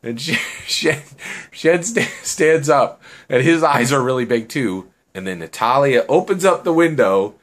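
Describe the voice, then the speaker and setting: Chatty storyteller man, lively voice. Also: medium pitch, a little slow. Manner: chatty, full of fillers and "right?". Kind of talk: casual improvised storytelling.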